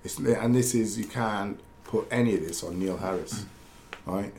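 A man, a former footballer, chatting casually as a pundit and telling animated stories with many restarts. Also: fairly low pitch, measured pace, echoey room, slight background noise. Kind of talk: casual chat, storytelling.

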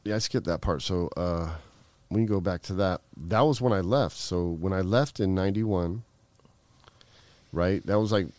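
Deep-voiced man telling a rambling, profane story. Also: normal speed, darkish tone, dry recording. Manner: rambling, profane, heavy fillers. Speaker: guest. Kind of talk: casual storytelling.

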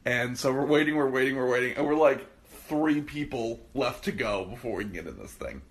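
A man's voice: mid-range voice, expressive, fairly quick. A man telling stories in casual, profane chat, acting out the voices of the people in them.

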